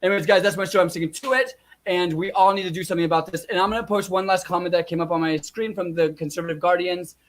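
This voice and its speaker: A young man vents at his viewers in a furious, swearing rant, circling back to the same points. His voice sits high and often jumps up as he shouts. He keeps talking to the audience directly. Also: fairly even intonation, fast talker. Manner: furious, profane, shouting and repeating himself. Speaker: vlogger. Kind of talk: angry rant to camera.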